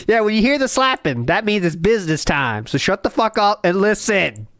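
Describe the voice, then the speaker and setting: Man, stream co-host, jokey and mocking, lively bouncy delivery, dry close mic. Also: sits high, moderate pace, few pauses, no room sound. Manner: joking, mocking, laughs often. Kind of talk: casual stream reaction chat.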